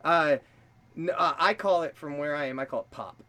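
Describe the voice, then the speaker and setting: A man's voice: a little high, moderate pace, bright, forceful tone. A man from Washington State, streaming in casual chat, joking and swearing freely.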